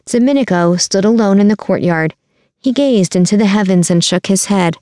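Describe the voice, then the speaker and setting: A woman reads a story aloud at a steady, measured pace. Her voice is smooth and resonant. The recording is close and dry. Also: mid-range voice, no room sound. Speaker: narrator. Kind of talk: storybook narration.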